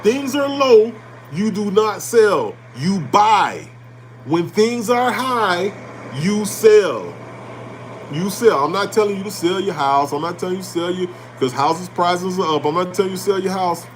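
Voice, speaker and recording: A man with a notably high voice delivers a fired-up motivational talk about money. He is blunt and preachy, repeats his lines for emphasis, and drops casual curses. Faint background noise sits under the recording. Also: expressive, a little slow. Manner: blunt, with casual swearing and colloquial grammar. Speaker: host. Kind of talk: animated motivational talk on finance.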